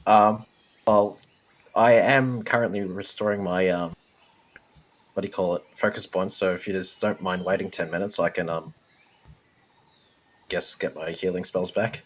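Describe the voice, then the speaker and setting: A man talking casually as a player in a tabletop game, relaxed and laughing often, with hesitant fillers. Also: sits low, moderate pace, long pauses, poor audio.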